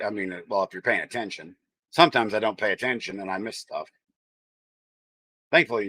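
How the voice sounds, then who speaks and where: His voice sits on the low side and sounds pushed and bright. The man, a livestream host with a Texan-tinged American accent, keeps things casual, teasing viewers while going through the chat.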